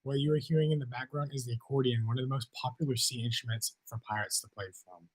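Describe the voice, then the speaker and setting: Brief: man, matter-of-fact narrator announcing songs, loud clicks on the track. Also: mid-range voice, fairly even intonation, quick pace, heavy background noise. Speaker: channel host narrating a music history video. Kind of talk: brief announcements of song titles and years.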